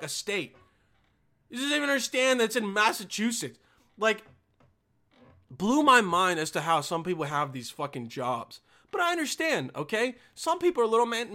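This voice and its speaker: A young man from Bosnia telling a crude, exasperated comic rant, breaking into sudden high-pitched outbursts. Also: sharp tone. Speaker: comedian. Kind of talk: stand-up style ranting monologue.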